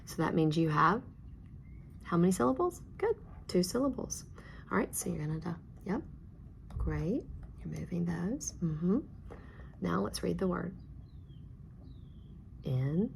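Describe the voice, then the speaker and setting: A woman teacher with a low, gravelly voice patiently walks a student through a reading exercise, prompting and praising each step. She sometimes drops to a near whisper while guiding. A faint hum of background noise sits under the recording. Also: animated, measured pace, pauses often. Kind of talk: one-on-one reading lesson.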